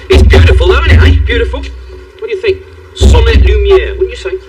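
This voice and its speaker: An actor playing a cheeky Cockney wheeler-dealer selling a car, in a sitcom, with a smooth sales patter. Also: male voice, very high voice, wildly swooping pitch, fairly quick, faint music behind, heavily acted. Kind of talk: sitcom acting. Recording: distant mic, loud noise.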